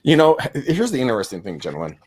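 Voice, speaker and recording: A man in his thirties, a real estate agent hosting a casual call session, telling stories with profanity and loud laughter. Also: mid-range voice, huge pitch swings, racing, breathy edge. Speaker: real estate agent hosting a live cold-calling stream. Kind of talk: casual chat, storytelling.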